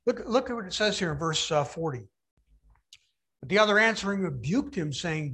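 A man's voice: high-pitched, big pitch swings, moderate pace, bright, forceful tone. A man preaching a sermon, retelling a Bible story with dramatic emphasis and acting out the voices.

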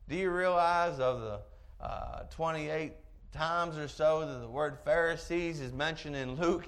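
Preacher guy, bit high voice, animated storytelling sermon. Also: a little slow. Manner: storytelling, animated, chuckling asides.

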